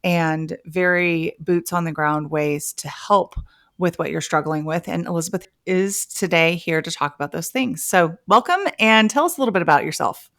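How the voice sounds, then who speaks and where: A woman's voice: fairly low pitch, moderate pace, a bit bright. A woman hosting a podcast interview, chatting casually and affirming her guest. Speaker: podcast host.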